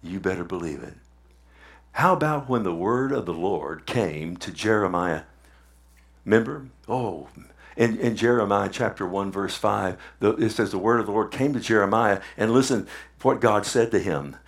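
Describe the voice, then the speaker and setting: A man's voice: lowish voice, animated, measured pace, gravelly. A man preaching a sermon in a conversational way, asking the congregation questions and repeating words for emphasis. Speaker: pastor.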